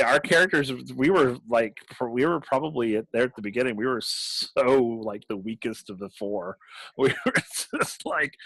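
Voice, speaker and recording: A man's voice: medium pitch, pushed and bright, dry recording, rough recording. A man in casual chat about tabletop games, rambling with restarts and laughing often. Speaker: game master and podcast host.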